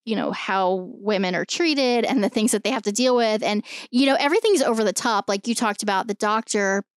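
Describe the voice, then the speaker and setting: A woman co-hosts a casual film podcast, her voice smooth and clear in a dry, close recording. She talks emphatically and swears freely as she works through her points. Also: mid-range voice, a little fast, dry recording. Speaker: podcast co-host.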